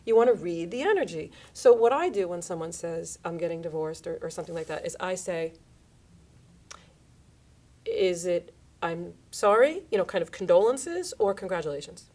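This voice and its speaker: Radio host, woman in her thirties or forties, chatty and animated, pitching up and down to act out quoted lines. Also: moderate pace. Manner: animated, acts out quoted lines in shifting voices. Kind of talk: casual radio chat.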